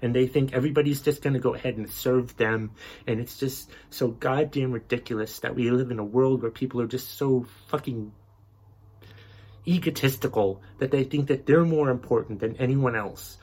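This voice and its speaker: A man's voice: medium pitch, normal speed, darkish tone, slightly rough. A male podcast host delivering an exasperated, profanity-heavy rant. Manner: angry, exasperated, heavy swearing.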